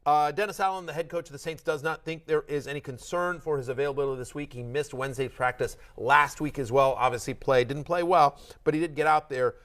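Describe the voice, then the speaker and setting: A man's voice: fairly high pitch, steady tone, quick pace, hardly any pauses, a bit bright. A middle-aged man hosting a fantasy football show, talking in a chatty, joking way with lots of restarts and asides. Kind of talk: casual sports chat.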